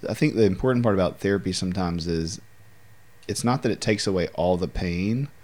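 Very deep-voiced male interviewer. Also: fairly quick, a little mellow. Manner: supportive, prompting questions. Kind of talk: conversational interview.

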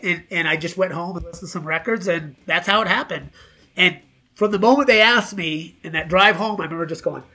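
A middle-aged man, a musician guest, telling stories in a casual, profane, animated way and acting out quoted dialogue. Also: high-pitched, a little fast. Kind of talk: casual storytelling interview.

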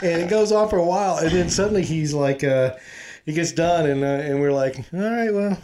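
A man's voice: fairly high pitch, steady tone, brisk, darkish tone, slight background noise. A man in his fifties, a Coast Guard veteran, telling rambling stories in casual chat with a friend, checking in with "right?" tags.

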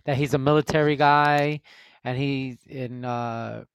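A man's voice: mid-range voice, steady tone, a little slow. A man hosting a casual online voice chat, calling out movie matchups and tallying everyone's votes in an upbeat way. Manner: calls out options and tallies votes, upbeat. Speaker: host running a movie vote.

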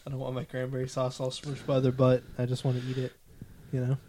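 A man's voice: medium pitch, completely flat delivery, fast, warm tone, a little hiss or hum. Laughing man joking on a podcast. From Connecticut. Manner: laughs often, crude joking. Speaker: podcast co-host. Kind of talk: casual podcast chat.

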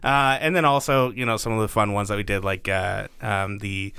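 Bright, crisp-voiced joking man. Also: fairly low pitch, steady tone, normal speed, dry recording. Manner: joking, playful, laughs often. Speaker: podcast co-host. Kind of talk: casual chat.

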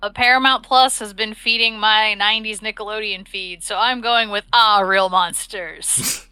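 A woman's voice: mid-range voice, steady tone, normal speed, sharp tone, smooth, faint music behind, low-quality recording. A woman co-hosting a casual podcast who makes dry, wry asides. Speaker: podcast co-host.

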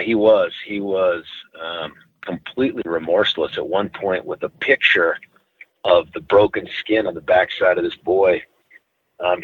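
A middle-aged man, a former prosecutor, telling a case story in a measured, deliberate way during an interview. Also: low-pitched, breathy edge. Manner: measured, deliberate, stretches words for emphasis. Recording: tinny phone-like line.

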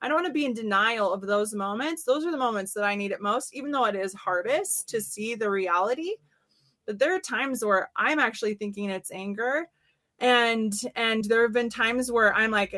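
A woman guest reflects openly on her own emotions. Her voice is mid-pitched and plain. The recording is dry and close. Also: moderate pace, a bit bright, no echo. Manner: candid and reflective. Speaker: interview guest. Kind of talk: casual interview chat.

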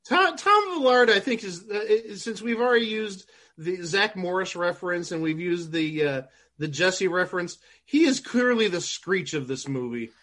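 Man, wry movie commentary, high voice, lively pitch. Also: moderate pace. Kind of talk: casual commentary over a film.

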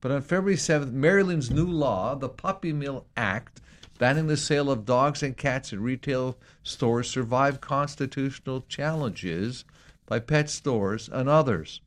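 A man co-hosting a casual talk show, rambling and excitable, with many restarts and repeated words. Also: mid-range voice, a little slow. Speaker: co-host.

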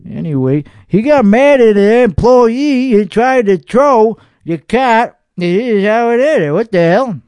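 A man with a high voice talks alone in casual reaction commentary, dry and sarcastic, grumbling as his thoughts wander. The sound is close and dead, with no room around it. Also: expressive, measured pace, few pauses, a little mellow, clear, resonant tone, no room sound. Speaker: podcast host reacting to online videos.

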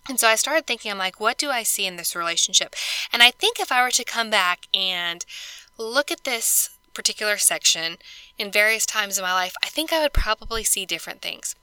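A woman's voice: mid-range voice, expressive, fairly quick, sharp tone, clean tone, no echo. A woman hosting a podcast, talking through scripture stories in a chatty, earnest way with lots of fillers. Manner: chatty, earnest, many "you know" and "like" fillers. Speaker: podcast host. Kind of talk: casual scripture study talk.

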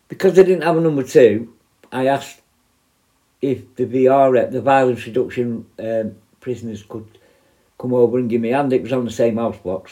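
Man, dark mellow voice, rambling storyteller who corrects himself mid-sentence. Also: medium pitch. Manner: rambling, self-correcting, acts out quoted voices. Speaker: prison negotiator telling a story. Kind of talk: casual storytelling.

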